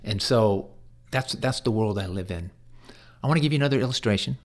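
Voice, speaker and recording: A man's voice: fairly low pitch, brisk. A man who works as a hospice chaplain, telling stories in an interview in an earnest way, often stumbling and repeating his words. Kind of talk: conversational interview storytelling.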